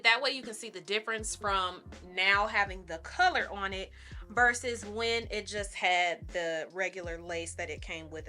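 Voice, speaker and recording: A young adult woman, a beauty vlogger, chats casually and upbeat while styling a wig in a get-ready-with-me video, calling her viewers y'all. Her voice is medium in pitch with a sharp tone.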